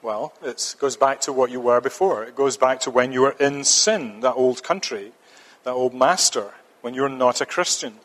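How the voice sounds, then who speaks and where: A man's voice: medium pitch, moderate pace, a bit bright. A man preaching a sermon, earnest and emphatic, often repeating a phrase for stress. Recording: long reverb of a church hall.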